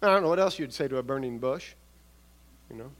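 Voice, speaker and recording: An older man preaching a sermon on scripture, measured and earnest, often restarting his words and adding soft asides. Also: medium pitch, lively intonation.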